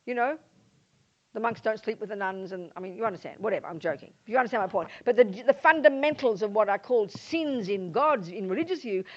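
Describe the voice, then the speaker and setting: An older woman with an Australian accent, a Buddhist nun giving a lively dharma talk to a live audience and acting out the voices she quotes. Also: medium pitch. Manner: animated, acts out quoted voices. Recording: muffled lo-fi talk recording.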